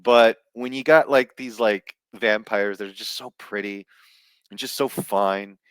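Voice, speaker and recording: A man's voice: fairly low pitch, steady tone, a little slow, fairly bright tone, clean tone. A man giving a rambling, frank, casual film review, with laughs and fillers along the way. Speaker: vlogger reviewing films. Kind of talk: casual rant to camera.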